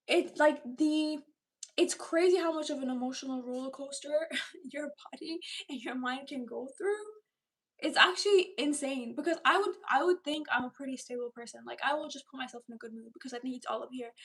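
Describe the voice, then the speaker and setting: A young woman chats with her viewers on a relaxed livestream, her voice pitched high. She rambles from thought to thought, leans on "like" as a filler and laughs often. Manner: chatty and rambling, with many "like" fillers and frequent laughs. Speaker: livestream host. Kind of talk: casual livestream chat with viewers.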